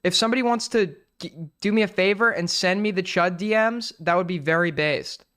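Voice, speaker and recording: A young man hosts his live stream in a high, clean voice. He rambles and jokes crudely, often restarting his sentences. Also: fairly quick, bright, forceful tone, clear, resonant tone. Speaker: streamer host. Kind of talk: casual live-stream chat.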